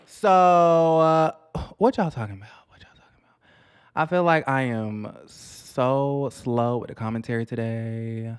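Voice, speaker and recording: A man's voice: mid-range voice, a little slow, clear, resonant tone. A man hosting a casual commentary vlog on reality TV, sassy and chatty, talking straight to his viewers and calling them honey.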